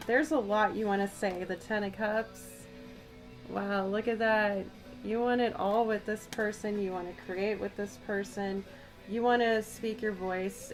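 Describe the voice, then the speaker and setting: A woman giving a channeled tarot reading, musing aloud and speaking straight to the listener, her voice a little worn. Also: medium pitch. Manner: musing, addresses the listener directly. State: slightly losing her voice. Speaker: tarot reader. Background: background music.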